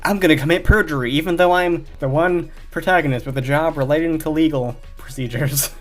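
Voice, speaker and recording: A man's voice: fairly high pitch, a little fast, natural voice. A man voicing a timid young male detective who stammers and pleads, with faint music behind. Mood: unhinged.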